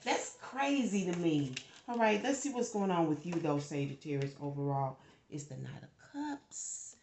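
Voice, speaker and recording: A woman giving a casual tarot reading, chatty and animated, swearing freely when she gets worked up. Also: sits low, moderate pace, echoey room, a little hiss or hum. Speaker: tarot reader.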